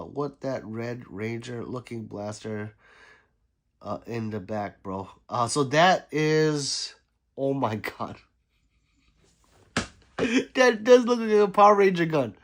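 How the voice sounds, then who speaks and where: A middle-aged man who is sick, hosting a casual livestream and reading viewer comments aloud with laughs and sarcastic asides. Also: mid-range voice. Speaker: livestream host reading chat.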